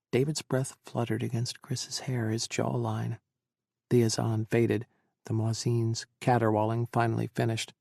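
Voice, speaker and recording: A man narrating an audiobook in an even, measured reading. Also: medium pitch, vocal fry, dry recording, clean studio sound. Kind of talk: scripted narration.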